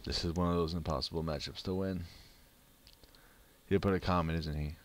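Grumbling over his luck, the very deep-voiced channel host commentates a mobile card game briskly and with fairly even intonation. His delivery stays easygoing and spontaneous.

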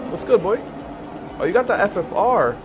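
A man chatting playfully with teammates during an online shooter, teasing and swinging between loud excitement and low mumbling. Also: normal speed. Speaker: gamer streaming with random teammates. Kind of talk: casual game commentary to teammates.

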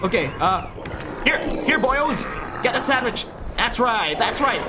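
A woman doing let's play commentary, excitable and laughing often, swearing at the game and reading its text aloud. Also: fairly high pitch, a little slow, very noisy. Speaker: gaming YouTuber. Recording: game music behind her voice.

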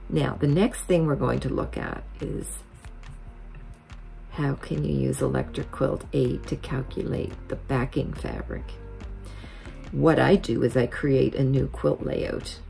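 A woman hosting a quilting software tutorial, explaining each step methodically as a voice-over. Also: very deep voice, fairly even intonation, a little slow, gravelly, faint music behind.

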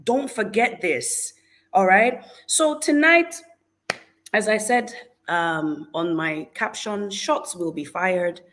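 A woman hosting a livestream, giving an animated, exclamatory faith talk and greeting viewers in the chat. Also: mid-range voice, slow pace. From Nigeria. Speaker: livestream host.

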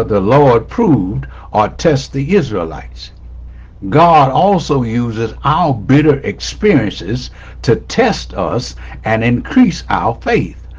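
A man's voice: mid-range voice, breathy edge, highs cut off. A man preaching a sermon as pastor, repeating his key lines with rising emphasis. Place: church sanctuary.

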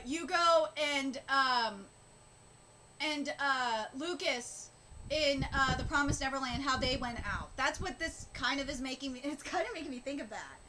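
A woman giving a live reaction commentary as a streamer, emotional and close to tears, talking in halting bursts with many fillers and restarts. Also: high voice, sharp tone, a little hiss or hum, low-quality recording. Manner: emotional, gushing, on the verge of tears.

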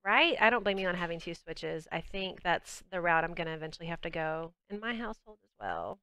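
Chatting casually and bubbly with her viewers while she plays, a young Southern US woman hosts a game livestream. Her lowish voice has lively intonation, runs a little fast, and sounds a bit bright, clear and resonant, with no room sound.

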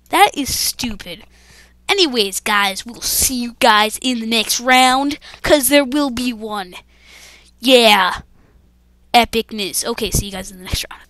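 A woman narrating her own game in a let's-play, with a fairly high, bright, sharp voice. She talks slowly and breaks into jumpy, dramatic exclamations as she speaks straight to her viewers. The sound is dry and close. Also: no room sound. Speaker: gaming channel host.

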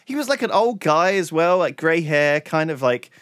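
Animated and fairly high in pitch, this podcast co-host relates a long story in relaxed conversation, swearing freely. He talks at normal speed with a fairly bright tone, captured in clean studio sound with no room sound.

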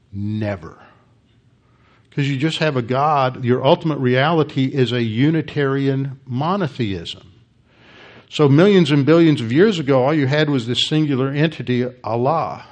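Emphatic pastor teaching scripture. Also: male voice, mid-range voice. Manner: emphatic lecturing with frequent restarts. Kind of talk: expository Bible teaching sermon.

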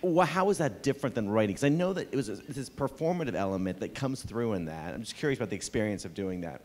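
A man's voice: lowish voice, animated, fast, darkish tone. A man moderating a live book talk, asking long, rambling questions and teasing the author. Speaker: event moderator. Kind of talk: casual moderated conversation. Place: bookstore event room. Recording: live event audio with long reverb and faint noise.

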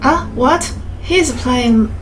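A high, bright-voiced woman streamer talking very slowly and giggling, repeating herself. She sits away from the mic on a stream with faint music underneath. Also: far from the mic, a little hiss or hum, rough recording. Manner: giggly, slow, repeating questions. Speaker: game streamer. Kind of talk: live stream chat.

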